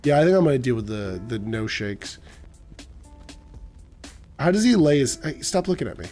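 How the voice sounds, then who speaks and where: A man's voice: mid-range voice, big pitch swings, moderate pace, mellow, soft background music. A young man playing a game and reading its lines aloud, joking and rambling, his voice still recovering. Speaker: gamer. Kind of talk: let's play commentary, reading lines aloud.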